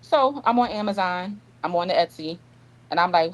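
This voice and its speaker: A woman author, chatting in a casual interview. Her voice sits on the low side, and she tells stories with lots of energy, acting out the other people's lines. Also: fast talker, low-quality recording. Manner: animated storyteller, acts out dialogue. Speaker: author guest.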